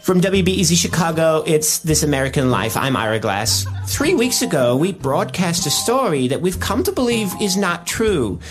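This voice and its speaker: A man doing a parody of a public radio host reading an on-air retraction in a measured, earnest way. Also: a little high, very animated, faint music behind. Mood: earnest solemn.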